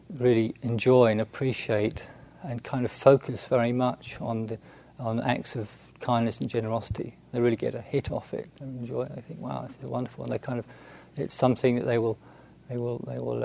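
A Buddhist monk tells a story in a halting, unhurried manner with many restarts and fillers. His mid-range voice is warm, with vocal fry.

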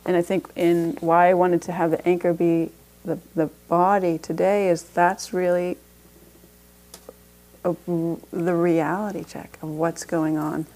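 A woman's voice: fairly low pitch, flat delivery, measured pace, dark tone. Woman teaching a meditation-based parenting class. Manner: conversational, with frequent restarts and light laughs.

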